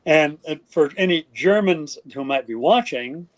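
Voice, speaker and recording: An older man, a guest in an interview, telling stories in a lively way and acting out what others said. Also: fairly high pitch, measured pace. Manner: animated, acts out quoted voices. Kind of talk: storytelling interview.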